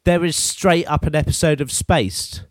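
A man's voice: a little high, normal speed, no echo. A young British man co-hosting a casual comedic chat, with dry, wry jokes and casual swearing. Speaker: podcast co-host.

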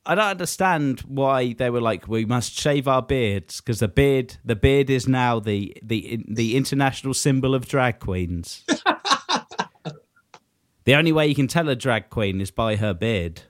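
A man's voice: mid-range voice, animated, a little slow, no echo, studio quality. A man co-hosting a casual comedic podcast chat, joking and laughing often. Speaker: podcast co-host.

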